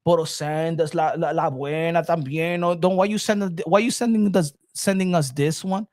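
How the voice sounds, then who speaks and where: A man hosting his own boxing channel, telling stories in a rambling, animated casual chat full of restarts. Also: fairly high pitch, moderate pace.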